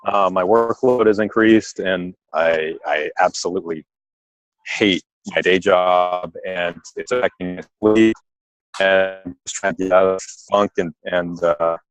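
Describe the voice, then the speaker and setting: A man speaks on a group call in a very low voice. The sound is dry and close. He talks hesitantly and halts often, full of fillers. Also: steady tone, no room sound, low-quality recording. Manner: hesitant, halting, many fillers. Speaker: call participant.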